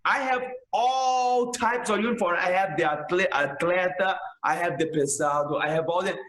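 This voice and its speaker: A man's voice: high voice, moderate pace, fairly bright tone, echoey room, low-quality recording. A man, a jiu-jitsu instructor talking passionately in a casual podcast interview, filling his speech with "man" and "bro".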